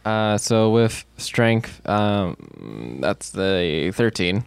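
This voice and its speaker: Low, smooth-voiced man at the game table. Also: big pitch swings, very slow, no room sound. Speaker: player. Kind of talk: casual tabletop game chat.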